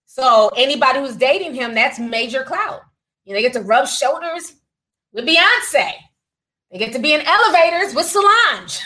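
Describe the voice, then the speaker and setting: Chatty sassy woman on a gossip stream, kinda high voice, laughs a lot. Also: expressive, normal speed, pushed and bright, poor audio. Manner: chatty, sassy, laughs often, says honey and child. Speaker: livestream host reading super chats. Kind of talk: casual celebrity gossip livestream.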